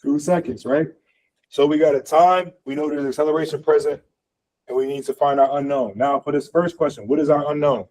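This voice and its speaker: A college physics instructor gives a classroom lecture that is also streamed online, chatting casually, using lots of fillers, and quizzing students along the way. His voice is fairly high and steady, with a darkish tone and a slightly fast pace. The recording is rough.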